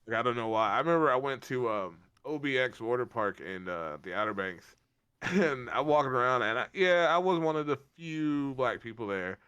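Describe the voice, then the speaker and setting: A man's voice: mid-range voice, normal speed, clean tone, no room sound. A young man co-hosting a podcast, telling stories with laughter and casual swearing. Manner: animated storyteller, laughs often, swears casually. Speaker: podcast co-host. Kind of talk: casual chat.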